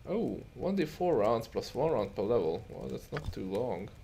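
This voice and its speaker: Low, gravelly male let's-player, muttered casual commentary, lively pitch. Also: normal speed, slight background noise. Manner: muttering, swearing, self-amused. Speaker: let's play host.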